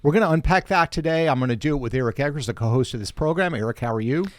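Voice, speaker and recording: A man hosting a political podcast, talking in a brisk, conversational way with joking asides. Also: on the high side, no echo, studio quality. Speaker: podcast host.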